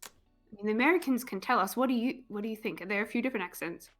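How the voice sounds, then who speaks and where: A woman's voice: fairly high pitch, rapid-fire, soft background music. A woman from Australia with an Australian accent, chatting casually as a co-streamer and reading out viewer requests. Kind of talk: casual live-stream chat while gaming.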